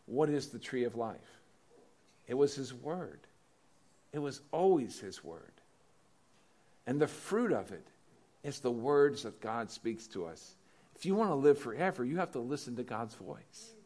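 A man's voice: mid-range voice, lively intonation, unhurried, long pauses, dark tone. A pastor preaching a sermon in a conversational way, asking his congregation questions.

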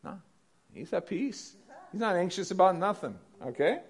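A man's voice: sits high, very animated, moderate pace, slightly rough. Man preaching conversationally to a congregation. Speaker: pastor. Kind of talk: sermon.

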